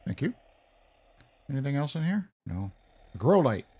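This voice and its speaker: A man's voice: medium pitch, big pitch swings, a little slow, darkish tone, breathy edge. A man casually commenting on his own gameplay, chatty and self-deprecating, talking to himself as he plays. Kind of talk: casual let's play commentary.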